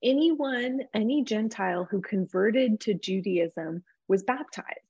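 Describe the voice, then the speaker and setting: A woman teaches a Bible study in an easygoing, conversational voice, pausing often on filler words as she explains and reads passages aloud. Her pitch sits in the middle for a woman. The recording sounds a little dull and lo-fi. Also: husky. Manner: relaxed, frequent filler words. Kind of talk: conversational teaching with scripture reading.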